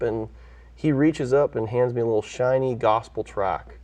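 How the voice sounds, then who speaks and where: A man's voice: medium pitch, moderate pace, darkish tone, recorded from a distance. A man from California, a pastor who is a guest on an interview show, earnestly telling his own story and acting out the voices he quotes. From California, USA.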